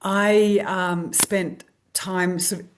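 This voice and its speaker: An Australian woman being interviewed, telling a lively anecdote and acting out the voices of people she quotes. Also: medium pitch, drawn-out words, a little hiss or hum. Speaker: guest, stress researcher. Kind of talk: storytelling interview.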